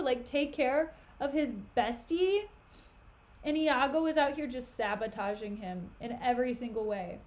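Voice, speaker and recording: A young adult woman with a high voice reads a play aloud at a moderate pace while streaming. She offers casual commentary, recapping it in a chatty, giggly way with plenty of "like" and "you know."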